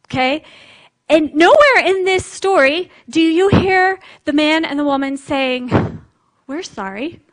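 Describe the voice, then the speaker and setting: A woman preaching a sermon with a high voice. She talks in a relaxed, conversational and reflective way, with a light laugh now and then. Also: a little slow.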